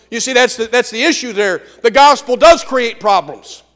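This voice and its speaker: Pastor, male, high voice, dramatic sermon delivery with loud and hushed swings, church reverb. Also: normal speed, hardly any pauses. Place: church sanctuary.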